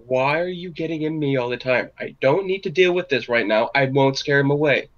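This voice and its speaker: A man's voice: mid-range voice, fairly quick, a bit bright, muffled recording, natural voice. A man voicing a hulking male Goliath warrior who speaks in broken, simple grammar during a tabletop game. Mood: defensive. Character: hulking seven-foot male Goliath warrior, clumsy speech. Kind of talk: tabletop role-play.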